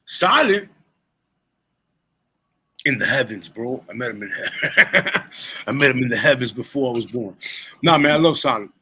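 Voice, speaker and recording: A man's voice: mid-range voice, normal speed, pauses often, breathy edge, poor audio. A man in his forties, a rapper and DJ, telling stories in a casual interview, swearing freely and laughing between lines. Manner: profane, animated storyteller who laughs between lines.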